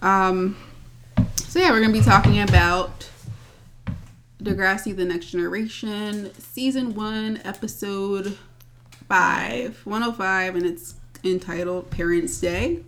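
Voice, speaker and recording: A woman's voice: medium pitch, fairly even intonation, slow pace, a bit bright, slight background noise. A woman hosting a podcast with her younger sister, chatting casually and teasing her. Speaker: podcast co-host. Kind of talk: casual chat.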